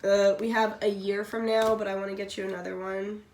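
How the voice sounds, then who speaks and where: A woman's voice: mid-range voice, flat delivery, a little fast. A woman doing a casual tarot reading, blunt and chatty, swearing freely and coughing now and then while she is sick. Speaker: tarot reader. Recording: echoey room, faint background noise.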